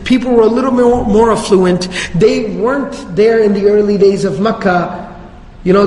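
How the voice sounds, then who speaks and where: A man telling religious history stories in a casual, conversational lecture with slangy asides. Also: sits high. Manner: conversational, slangy, animated storytelling. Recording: reverberant hall.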